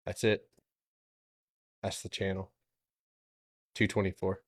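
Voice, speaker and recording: A man's voice: sits low, flat delivery, slow pace. A man hosting a stock trading livestream, giving loose, joking market analysis and swearing now and then. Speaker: stock trading stream host.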